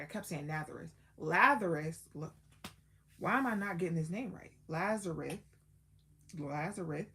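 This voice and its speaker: A woman's voice: lowish voice, a bit bright. A woman hosting a live stream, casually and emotionally retelling a sermon in slang, often repeating herself. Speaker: livestream host.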